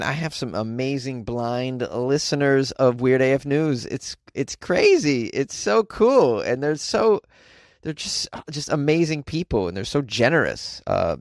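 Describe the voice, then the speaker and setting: Guy hosting his podcast, raspy gravelly voice, rambling with lots of uhs, super dry sound. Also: mid-range voice, no room sound. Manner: chatty, joking, many fillers and restarts. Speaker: podcast host. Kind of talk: casual solo podcast talk.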